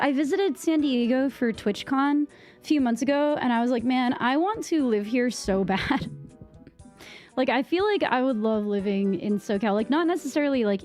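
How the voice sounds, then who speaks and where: A woman's voice: high voice, moderate pace, a little mellow, faint music behind. Chatty young woman with a Boston accent. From Massachusetts. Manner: rambling, many fillers and restarts. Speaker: live streamer. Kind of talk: casual chat with stream viewers. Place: at home. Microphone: microphone on a boom arm.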